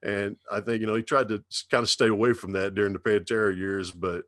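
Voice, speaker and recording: A man in his fifties with a Dallas Texas drawl, telling stories slowly and swearing freely as a guest on a casual podcast. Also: fairly low pitch, flat delivery, fairly bright tone, no room sound, clean studio sound. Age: 50s. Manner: slow drawling storyteller, heavy swearing. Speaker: radio DJ guest.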